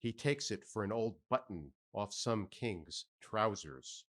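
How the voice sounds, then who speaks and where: A man's voice: lowish voice, lively intonation, slow pace, fairly bright tone. A man voicing a jovial middle-aged sailor who muses aloud with folksy asides. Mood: musing.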